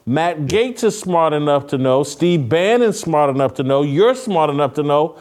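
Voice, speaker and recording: A man's voice: on the high side, a little slow, hardly any pauses, darkish tone. A man hosting a political talk show, speaking fervently with frequent restarts. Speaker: podcast host.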